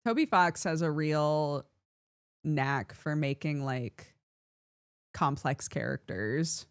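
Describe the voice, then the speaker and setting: A woman streamer in casual chat with viewers, animated and laughing often as she reads chat aloud. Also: sits low, slow, clean tone, no room sound, clean studio sound.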